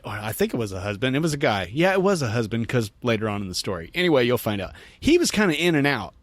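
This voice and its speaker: Male podcast host, animated storyteller, wide-ranging pitch, dry close recording. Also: dry recording. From United States. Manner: animated, laughing storyteller quoting others. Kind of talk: casual storytelling.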